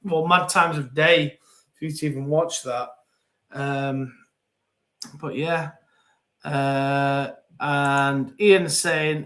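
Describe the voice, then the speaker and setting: A man's voice: mid-range voice, steady tone, takes it slowly, fairly bright tone. A man in his forties hosting a live football podcast, reading out viewer comments in a chatty, rambling way and often repeating words. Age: 40s. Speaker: podcast host.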